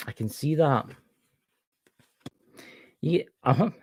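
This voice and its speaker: A man's voice: medium pitch, lively intonation, slow, pauses often, dry recording. A man with a Scottish accent giving a casual tarot card reading on a livestream, chatting to a viewer by name as he turns each card.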